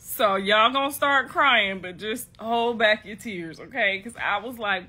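A woman in her thirties from Ohio, telling a story in a casual, animated way, laughing often and swearing a lot. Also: medium pitch, a little slow, few pauses. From Ohio, United States. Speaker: vlogger.

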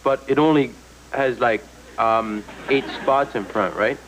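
An actor with a Canadian accent playing a goofy host of a small talk show who rambles with lots of "like" and "eh". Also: male voice, mid-range voice, a little slow, fairly bright tone, a little hiss or hum, natural voice, low-quality recording. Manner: giggly, rambling, filler-heavy.

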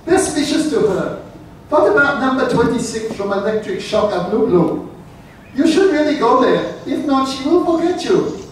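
A man's voice: very high voice, big pitch swings, moderate pace. A man voicing a Viennese man reading out his own confessional letter with a put-on Viennese accent, dry and matter-of-fact, recorded from a distance in a lecture room. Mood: wry. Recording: roomy, distant, faint noise.

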